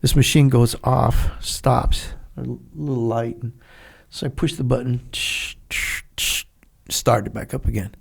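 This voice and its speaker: A Vietnam veteran in his seventies appears as a guest on an interview show, speaking unhurriedly in a steady, gravelly, husky mid-range voice. He tells blunt, profane stories in a casual manner, acting out the dialogue as he goes.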